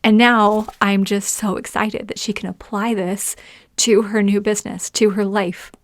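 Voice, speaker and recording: A woman's voice: medium pitch, flat delivery, a little slow, no room sound. Female podcast host, cheerful and chatty, laughs easily, dry close mic. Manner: enthusiastic, laughs often, reads listener testimonials aloud. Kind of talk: casual solo podcast talk.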